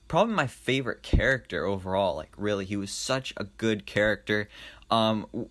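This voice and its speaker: A young man casually reviewing an animated film, enthusiastic and rambling, with lots of fillers and restarts. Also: mid-range voice. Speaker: movie reviewer.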